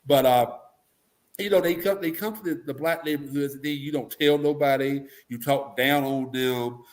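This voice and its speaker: A man giving blunt, animated opinions as an interview guest, breaking into mocking voices to make his points. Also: mid-range voice, moderate pace. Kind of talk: casual political commentary.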